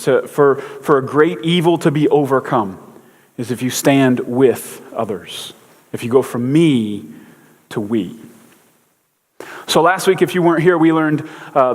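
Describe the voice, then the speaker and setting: A man giving a casual sermon, a chatty, joking storyteller with lots of fillers. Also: medium pitch. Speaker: pastor. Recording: long hall reverb.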